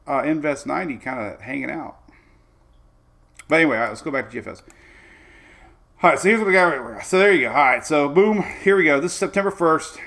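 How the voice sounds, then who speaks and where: Gravelly man rambling through a forecast. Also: mid-range voice, a bit bright. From Florida. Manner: loose and rambling, with fillers and playful asides. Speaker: weather host. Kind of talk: casual forecast talk over model maps.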